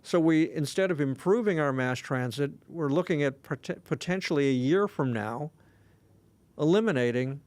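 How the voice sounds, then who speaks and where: A man with a somewhat high-pitched voice, talking casually as co-host of a podcast. He rambles, trips over words and fills gaps with "uh" and "you know". The sound is close and dry, with no room around it. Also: expressive, moderate pace, darkish tone, no echo. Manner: rambling, many fillers and restarts. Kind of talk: casual conversational chat.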